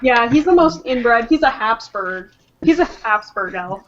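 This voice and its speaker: A woman's voice: fairly high pitch, animated, unhurried, lo-fi sound. A woman playing a tabletop game, making wry jokes and asking the game master about her rolls. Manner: joking, wry asides. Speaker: player. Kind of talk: casual chat at a game table.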